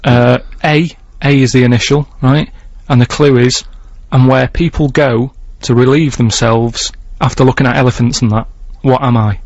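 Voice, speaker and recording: A man presenting a quiz segment on a radio show, rambling and halting as he gives clues in a deadpan way. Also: mid-range voice, no echo. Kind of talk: casual radio banter. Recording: dull, dry radio studio recording.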